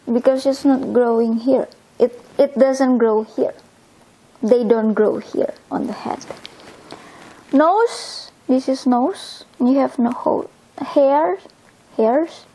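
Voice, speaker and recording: A woman with an Indonesian accent teaches in a relaxed video lesson. Her voice sits high and she takes her time, explaining each word patiently. She speaks English as a second language. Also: low-quality recording. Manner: slow, patient explaining, pointing at body parts.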